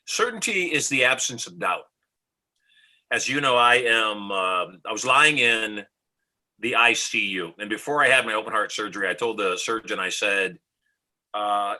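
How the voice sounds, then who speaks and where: A man's voice: on the low side, unhurried, sharp tone, low-quality recording. A middle-aged man from the United States, a motivational speaker, telling a story confidently as a podcast guest and acting out the dialogue. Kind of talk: storytelling in an interview.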